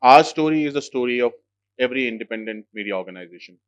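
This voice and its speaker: A man who is an editor-in-chief gives a formal address at an event, speaking in a measured way with frequent "uh" fillers. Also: mid-range voice, expressive, dry recording. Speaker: editor-in-chief of a legal news outlet. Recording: dry, slightly dull lo-fi sound.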